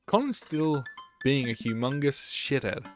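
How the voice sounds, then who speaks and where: A man's voice: medium pitch, very animated, unhurried, soft background music. A friendly, joking teacher and dad from a dating game, as a man reads his messages aloud. His voice moves up and down a lot while he reads.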